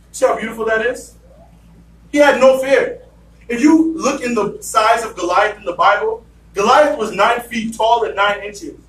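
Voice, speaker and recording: A man's voice: very high voice, a little slow, fairly bright tone, far from the mic, a little hiss or hum. A man preaching a sermon in a church, telling a story and acting out what the characters say. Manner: storytelling, acts out voices of the characters. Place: church sanctuary. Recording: echoey church room from afar.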